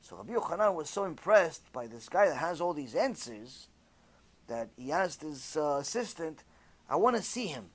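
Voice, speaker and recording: A man giving an animated, conversational sermon, telling a story and sprinkling in Hebrew terms. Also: on the high side, normal speed. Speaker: religious teacher.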